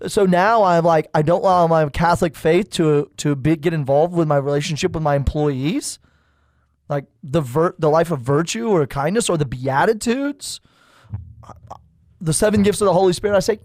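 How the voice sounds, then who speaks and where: A man's voice: a little high, normal speed, a little mellow, dry recording. A man, a priest hosting a podcast, chatting casually in a jokey, rambling way with many restarts, recorded in a studio.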